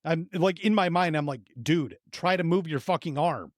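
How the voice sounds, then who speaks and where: A man in his thirties co-hosting a podcast, telling a profane, animated story and acting out his own reactions. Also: on the high side, moderate pace, dry recording, clean studio sound. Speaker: podcast co-host. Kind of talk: casual storytelling chat.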